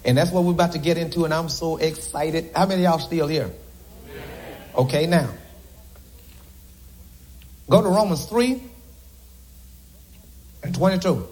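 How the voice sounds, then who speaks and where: Preacher guy, high voice, cracks jokes at the crowd mid-sermon, pulpit mic in church. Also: measured pace, pauses often, a little mellow. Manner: joking asides to the congregation. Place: church sanctuary.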